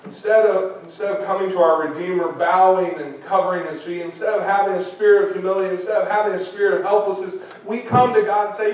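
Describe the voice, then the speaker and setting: A man with a high, light voice preaches a sermon, driving his points home by repeating them and acting out little quoted speeches. He sounds as if he is well away from the microphone, and the church around him rings with strong echo. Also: steady tone, quick pace, few pauses, darkish tone. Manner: earnest, repetitive preaching with acted-out quotes. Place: church sanctuary. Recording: echoey church hall from a distance.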